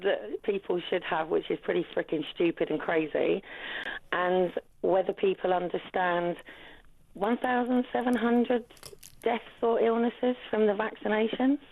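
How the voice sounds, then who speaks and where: A woman's voice: mid-range voice, fairly even intonation, unhurried, vocal fry. A woman calling a radio show, rambling and insistent, talking over the host. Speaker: caller. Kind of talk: phone-in call. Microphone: telephone. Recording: tinny phone line.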